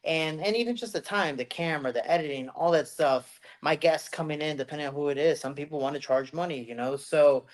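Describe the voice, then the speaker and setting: A man's voice: a little high, fairly quick, hardly any pauses. A man hosting a podcast, talking loosely in casual chat with lots of fillers. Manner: loose, filler-heavy talk.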